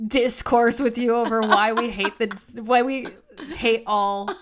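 A young woman co-hosting a podcast, telling stories in a giggly, animated way and laughing often. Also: on the high side, slow pace. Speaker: podcast co-host. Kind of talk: casual chat.

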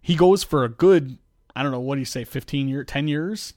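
This podcast host speaks at a medium pitch, fairly quickly, with a slightly mellow tone in a clean studio with no echo. In casual chat, he tells stories wryly and argues his point, often trailing off with lots of fillers.

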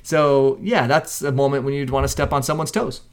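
A man co-hosting a casual chat, telling animated stories and acting out quotes with loud shouts. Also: mid-range voice, normal speed. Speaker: podcast co-host.

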